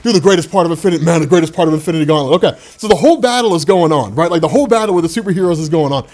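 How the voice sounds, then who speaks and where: A hyped-up man hosts a comic book show, rattling off his theory at speed. His voice sits high, and he fills every pause with "man" and "dude.". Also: animated, darkish tone. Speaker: comic book channel host. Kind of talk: excited casual commentary.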